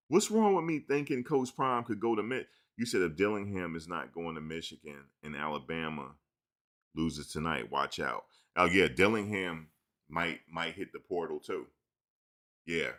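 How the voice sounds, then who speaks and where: A man hosting a casual live-stream sports talk show, teasing and answering his chat in an animated way. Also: sits low, moderate pace.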